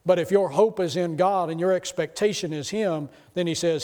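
A middle-aged man preaching a sermon as pastor, moving from conversational storytelling into excited, emphatic preaching. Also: sits high, moderate pace, few pauses.

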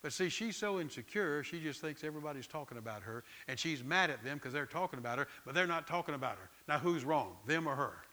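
A middle-aged pastor, preaching in a conversational, storytelling way and often repeating words. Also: male voice, on the high side, lively intonation, fast, hardly any pauses, sharp tone. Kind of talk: sermon.

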